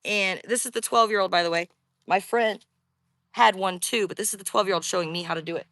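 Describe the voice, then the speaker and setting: A woman's voice: medium pitch, fairly quick, fairly bright tone, no room sound. A woman telling her own spooky experience in a casual, rambling way, talking straight to her viewers. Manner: chatty, rambling, addresses viewers directly. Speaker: storyteller. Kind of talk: casual first-person storytelling.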